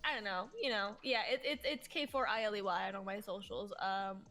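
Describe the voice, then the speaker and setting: A woman's voice: mid-range voice, a little fast, a bit bright. A young adult woman, a podcast guest, chatting casually in a bubbly way and swearing freely. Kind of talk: casual chat.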